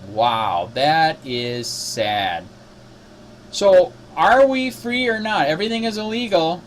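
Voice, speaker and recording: A man's voice: fairly high pitch, animated, slow, slight background noise. A man who is a cop watch activist, talking in a casual spoken recap, indignant and exasperated.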